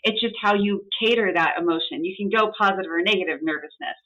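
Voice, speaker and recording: A woman's voice: medium pitch, fast talker, fairly bright tone, lo-fi sound. A woman hosting an interview, affirming her guest and reflecting in an encouraging way. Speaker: podcast host. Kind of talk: casual interview chat.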